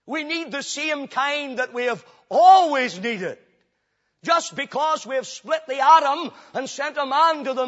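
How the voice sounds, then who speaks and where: A man preaching a sermon emphatically, rising to loud declarations and dropping to low, intense passages. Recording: dull lo-fi recording.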